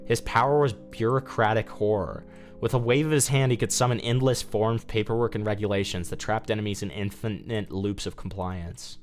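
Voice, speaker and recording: Man reading a fan story aloud, casual streamer, lowish voice, faint music behind. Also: steady tone, moderate pace. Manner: casual, with asides and restarts.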